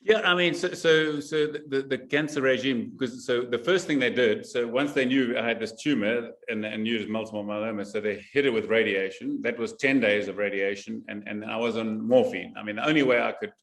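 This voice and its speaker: A man guest from South Africa talking in a casual interview, halting and repeating words with emphasis. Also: medium pitch, gravelly, a bit bright.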